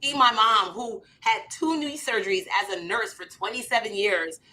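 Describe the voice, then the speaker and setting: A woman in her thirties, an author and comedian, telling animated stories in conversation and acting out quoted lines with big jumps in pitch. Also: normal speed.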